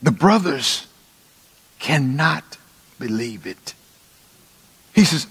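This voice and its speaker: A man preaching a sermon, dramatic, dropping to hushed tones and rising again for emphasis. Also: high-pitched, animated, unhurried. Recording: long reverb of a large hall.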